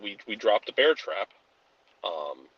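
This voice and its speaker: A man co-hosting a casual sports talk show, his voice husky and his pitch lively as he stumbles through restarts. The audio is dull and lo-fi, with a dry sound. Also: slow pace. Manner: restarts phrases and clears his throat. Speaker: podcast co-host. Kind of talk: casual chat.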